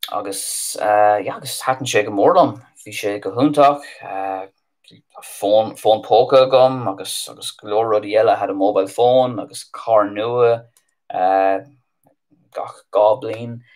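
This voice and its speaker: A man with an Irish accent teaching Irish place names on a live stream, thinking aloud with ums and restarts. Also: lowish voice. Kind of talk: live stream lesson, casual explaining.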